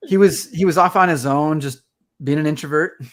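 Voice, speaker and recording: A man's voice: on the high side, a little fast. A man, a conservation photographer, talking casually as an interview guest and acting out his own reactions while he tells stories. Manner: animated storyteller, acts out his own reactions.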